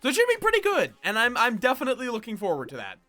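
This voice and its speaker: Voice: medium pitch, wildly swooping pitch, rapid-fire, pushed and bright, soft background music. A streamer in casual live-stream chat while gaming, rambling and cutting themselves off mid-thought as they talk to viewers. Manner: rambling, self-interrupting, chatty with viewers.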